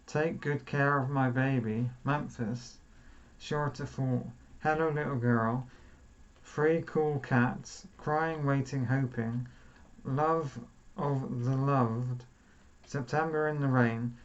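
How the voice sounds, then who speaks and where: A man's voice: mid-range voice, muffled recording. A man casually chatting as he unboxes vinyl records, thinking aloud and poking fun at himself.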